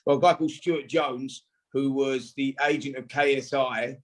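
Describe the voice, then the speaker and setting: A man's voice: medium pitch, normal speed. A man talking casually as a guest on a boxing podcast, telling stories animatedly and acting out other people's lines. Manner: animated storyteller who acts out quoted dialogue. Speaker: podcast guest, former boxer and pundit.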